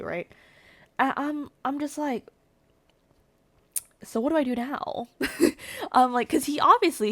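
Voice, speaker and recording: Young woman vlogger, lively storytelling, close dry sound. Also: mid-range voice, no room sound. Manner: animated, swears freely, acts out quotes. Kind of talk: casual storytelling.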